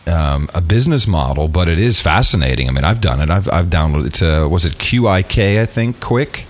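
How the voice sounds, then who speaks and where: A man co-hosting a podcast talks in a casual chat. His lowish voice swings widely in pitch as he tells stories. He is animated and swears freely. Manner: animated, swearing, quick to laugh. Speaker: podcast co-host.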